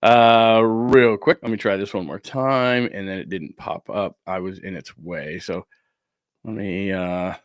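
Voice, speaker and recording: A man hosting a sports talk show from a studio, talking casually and ranting with animated indignation. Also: low voice, measured pace.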